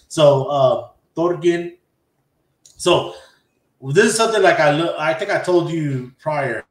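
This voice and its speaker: A man hosting a podcast, recapping an anime episode in a casual, animated way and acting out characters' lines. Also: a little high, slow, echoey room. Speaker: podcast host.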